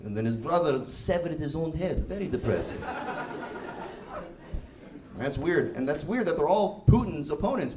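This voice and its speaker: A man's voice: fairly high pitch, expressive, moderate pace, long pauses. A young man doing a stand-up comedy set, casual and profane, laughing through his bits. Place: live comedy venue. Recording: roomy live venue with noise.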